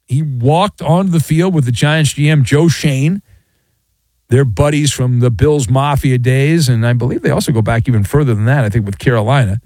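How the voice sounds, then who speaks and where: A man hosting a sports talk radio show, riffing sarcastically in a jokey, animated monologue. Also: mid-range voice, normal speed, no room sound.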